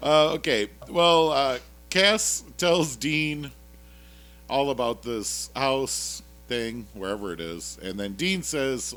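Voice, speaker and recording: Retelling a TV episode on a casual podcast, this male co-host speaks slowly in a mid-range, slightly bright voice. His jokey, rambling recap is full of fillers, and faint music plays behind him.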